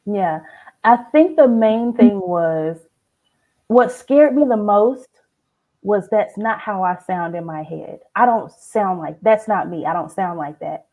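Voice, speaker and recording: A woman's voice: mid-range voice, slow, narrow, tinny audio. A woman copywriter, telling stories animatedly as a guest in a casual chat. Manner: animated storytelling.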